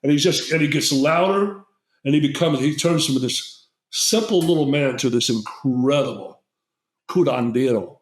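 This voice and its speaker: A man's voice: medium pitch, moderate pace. Older man telling a rambling story. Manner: rambling, many fillers and restarts. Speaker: guest herbalist. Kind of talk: storytelling in conversation. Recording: roomy echo.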